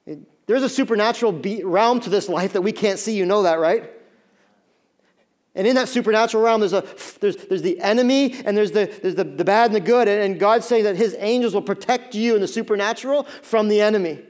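A man in his thirties preaching a sermon, telling stories with lively acted-out voices and many fillers. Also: sits high, fairly quick. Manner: animated storytelling, acts out voices, many fillers. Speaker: pastor.

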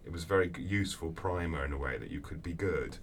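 A man answering interview questions as an author, telling lively anecdotes with acted-out voices. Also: sits low, quick pace. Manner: animated storyteller, acts out voices in anecdotes. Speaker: author guest. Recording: distant mic with faint background noise.

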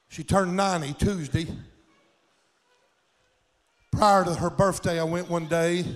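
Older male pastor, fervent folksy sermon, somewhat high voice, long hall echo. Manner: impassioned folksy preaching with plain country grammar. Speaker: preacher. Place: church sanctuary.

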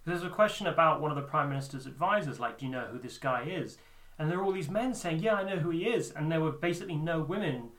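A man's voice: on the high side, lively intonation, fast talker, a bit bright. A man co-hosting a podcast in casual political chat, explaining poll figures step by step. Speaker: podcast co-host.

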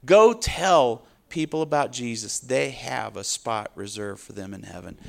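A man's voice: mid-range voice, lively intonation, measured pace, gravelly. A man preaching a sermon, delivering rising, emphatic appeals and closing in prayer. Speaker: pastor.

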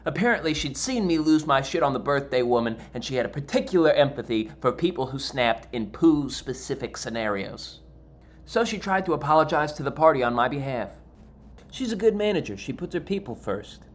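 A man telling a stand-up comedy story, animated and exasperated with deadpan asides. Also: medium pitch, fairly quick.

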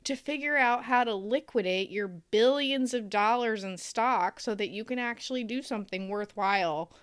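A woman's voice: on the high side, normal speed, clear, resonant tone, no room sound. A woman co-hosting a casual talk show, ranting sarcastically and laughing as she talks. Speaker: podcast co-host. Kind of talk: casual chat.

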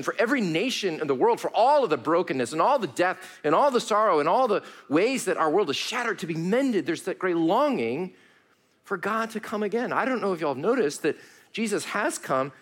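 A man preaching a sermon. His voice is fairly high for a man and very lively in pitch. He swings between raised, pleading lines and hushed, low passages, and speaks to his listeners as friends. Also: a little fast. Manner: addresses congregation warmly as friends, uses y'all. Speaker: pastor.

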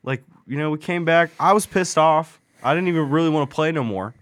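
Animated, profane man telling a gaming story. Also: on the high side, fairly quick, no room sound, studio quality. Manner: profane, animated retelling of a video game match. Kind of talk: casual storytelling chat.

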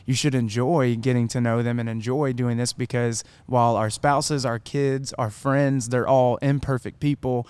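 A man's voice: medium pitch, steady tone, moderate pace, few pauses, a little mellow, clean tone, dry recording. A man talking earnestly about faith in casual podcast chat. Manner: laughing, earnest.

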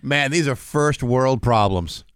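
A man's voice: medium pitch, takes it slowly, clean tone, no room sound. A man co-hosting a morning radio show, giving his opinion in casual studio chat and tripping over his words when he gets going.

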